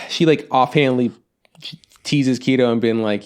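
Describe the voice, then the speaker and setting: A man's voice: medium pitch, unhurried, smooth. A man co-hosting a casual anime review podcast, rambling with lots of fillers. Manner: rambling, filler-heavy, acts out quotes. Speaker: podcast co-host.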